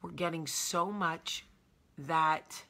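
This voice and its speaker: A woman's voice: sits low, slow, bright, forceful tone. A woman in her thirties with a New Jersey accent, hosting a candid personal vlog in an emotional, confessional way. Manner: emotional, confessional, emphatic repetition. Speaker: show host.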